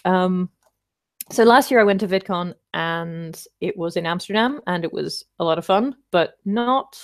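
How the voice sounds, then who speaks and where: A woman's voice: medium pitch, brisk. A woman hosting a casual livestream, chatting and rambling as she answers viewer comments, with wry self-deprecating asides.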